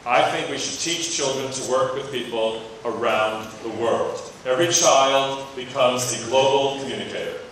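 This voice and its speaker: A man giving a lively presentation to a room of teachers, telling stories and putting questions to the audience. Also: mid-range voice, moderate pace, few pauses, slight background noise. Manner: animated storytelling, asks the audience questions. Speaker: education speaker. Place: meeting room or hall with an audience. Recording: echoey room, distant mic, faint ambience.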